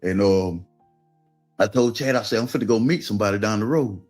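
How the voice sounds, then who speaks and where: A man's voice: lowish voice, brisk, soft background music. A man with a Southern Georgia accent, telling a personal story in casual talk and acting out what others said. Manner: relaxed storytelling with quoted voices. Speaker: guest telling his story.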